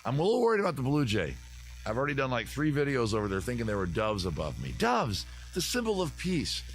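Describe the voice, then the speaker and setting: A man's voice: medium pitch, very animated, racing. A man from the US East Coast hosting a comedy advice live stream outdoors in his backyard, rambling and joking on tangents. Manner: rambling, jokey, riffing on tangents.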